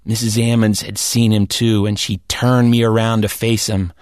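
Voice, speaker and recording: A man telling a comic personal story in an animated, lively way. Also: fairly low pitch, normal speed, no echo, clean studio sound. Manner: animated, comic, rising into shouts at wild moments.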